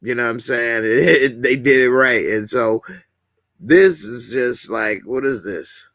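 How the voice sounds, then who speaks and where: A man's voice: medium pitch, a little slow, a bit bright, dry recording, studio quality. A man casually hosting a live stream, chatting with viewers, greeting commenters and laughing often. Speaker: YouTube host.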